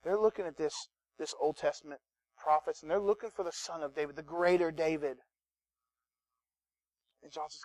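A man preaching a sermon in an animated, conversational way, with asides to the congregation. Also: a little high, brisk, pauses often. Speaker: pastor.

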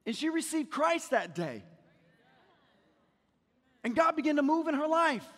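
A man preaching a sermon as a pastor, talking to the congregation in a conversational way and dropping to a quiet storytelling voice for anecdotes. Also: very high voice, very animated, a little slow, big-room sound. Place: church sanctuary.

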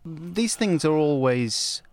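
A middle-aged man hosting a casual interview podcast, teasing and jokey, quick to banter with his guest. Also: on the high side, lively intonation, no room sound. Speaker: podcast host.

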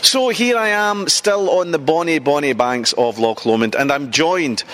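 A Scottish man presenting a comic travel show, joking and bantering quickly with people he meets. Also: fairly high pitch, a bit bright. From Scotland.

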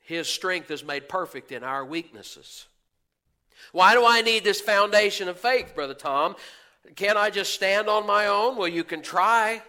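This pastor's voice sits high, bright and forceful, animated yet measured in pace. His sermon has a folksy feel as he quizzes the congregation and mimics what churchgoers might say.

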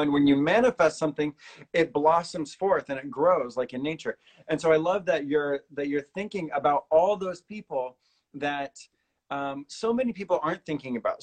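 A male podcast host with a slightly raised voice talks in an earnest, rambling way. He is casual and animated and breaks into quick impressions of other people. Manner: animated, imitates others with big pitch jumps. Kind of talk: casual conversational interview.

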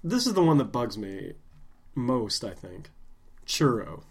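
A man's voice: medium pitch, very animated, measured pace, gravelly, darkish tone. A man with a mid-range voice banters on a podcast in a dry, sardonic way. His delivery is casual and teasing. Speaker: podcast co-host. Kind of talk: casual chat.

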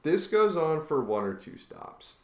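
A young man co-hosting a podcast, telling a story in casual chat, animated and swearing freely. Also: a little high, a little slow. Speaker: podcast co-host. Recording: echoey room.

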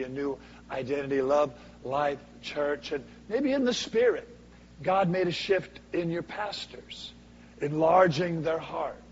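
Guy preaching, slightly high voice, takes his time, goes loud then quiet, echoey church. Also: slight background noise. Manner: dramatic swings from booming to hushed. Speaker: guest preacher. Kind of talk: sermon. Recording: echoey hall, dull lo-fi sound.

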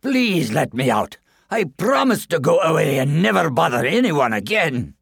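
Man voicing a pleading storybook goblin, high and whiny, dry read. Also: very animated, normal speed, vocal fry, husky, dry recording, heavily acted. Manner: whining, begging. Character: beaten, pleading male goblin under a mill.

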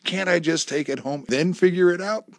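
A man reading a story aloud, voicing an excitable husband who talks eagerly and tries to win his wife over. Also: sits high, moderate pace, no echo, studio quality, voice pushed up. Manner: upbeat, eager, persuasive.

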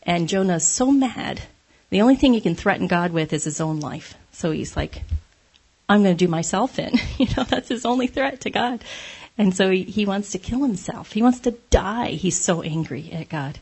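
A woman's voice: medium pitch, lively intonation, normal speed, darkish tone, husky. A woman giving a conversational devotional talk, candid and self-deprecating, laughing often as she speaks.

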